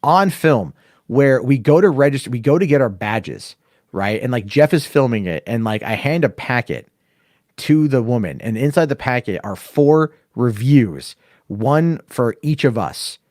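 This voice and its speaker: A man on a casual podcast spins a rambling, profane story and jumps into the voices of the people in it. His voice sits at an ordinary pitch and sounds close and dry, with no room around it. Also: a little slow, no room sound. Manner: profane, animated storyteller acting out dialogue. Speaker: podcast host.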